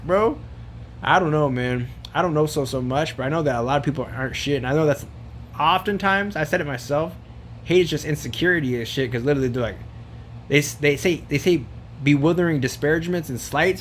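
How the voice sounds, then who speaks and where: Guy ranting into his camera, kinda higher voice, swears constantly, says bro every other line, rambles all over. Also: fairly bright tone, slight background noise. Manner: rambling, profane, slangy, says bro a lot. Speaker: vlogger. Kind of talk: casual rant to camera.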